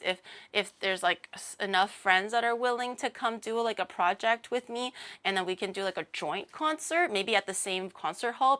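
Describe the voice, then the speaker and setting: A woman's voice: on the low side, sharp tone. A woman VTuber chatting casually on stream, rambling and joking, with a blunt, sarcastic, self-mocking manner.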